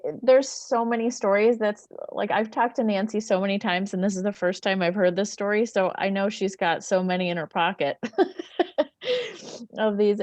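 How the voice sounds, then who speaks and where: A woman's voice: mid-range voice, darkish tone, no room sound. A woman hosting a video call, effusive and laughing easily as she thanks and introduces guests. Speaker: host. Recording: dull, dry video-call audio.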